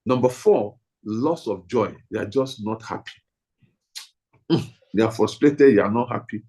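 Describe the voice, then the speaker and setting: A man's voice: on the low side, unhurried, warm tone, breathy edge, poor audio. A man leading a training talk for pastors, emphatic and repetitive, leaning hard on single words.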